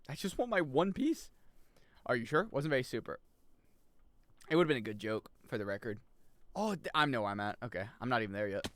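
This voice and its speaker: A man's voice: mid-range voice, no room sound. A man streaming a video game, chatting with viewers and joking as he plays. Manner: excitable, jokey, reacts loudly and reads chat aloud. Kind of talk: live gaming commentary.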